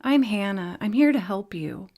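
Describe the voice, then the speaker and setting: A woman's voice: mid-range voice, expressive, moderate pace. A woman reading Hannah, a teasing healing fairy. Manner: gentle and teasing.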